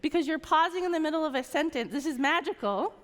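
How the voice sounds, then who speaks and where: A woman with a high voice coaches a packed conference crowd on a stage mic, stopping often to check everyone is with her. Her words ring out with a long hall reverb. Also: quick pace, a bit bright. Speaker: sales trainer.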